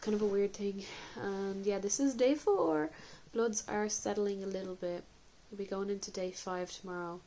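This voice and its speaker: A woman's voice: medium pitch, normal speed, hardly any pauses, mellow, low-quality recording. Woman vlogger, candid and chatty, home video diary, the odd cough. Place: indoors at home.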